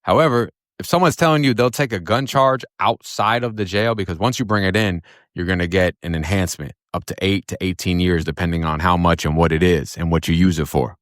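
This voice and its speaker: Man, from Florida, very deep voice, dry close sound, blunt profane streetwise storytelling. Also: brisk, fairly bright tone, no echo. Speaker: storyteller recounting his own past. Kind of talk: casual spoken storytelling.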